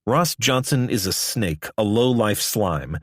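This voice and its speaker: A man voicing a furious, hot-tempered middle-aged male executive who shouts and rages. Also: on the low side, animated, takes it slowly, no echo, clean studio sound, heavily acted. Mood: contemptuous. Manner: angry, shouting, raging.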